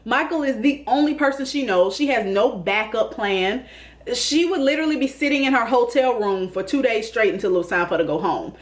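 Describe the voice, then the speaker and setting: A woman's voice: a little high, animated, brisk. A woman hosting a casual comedic TV recap, sassy, calling people honey and baby and laughing often. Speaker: YouTube TV recap host.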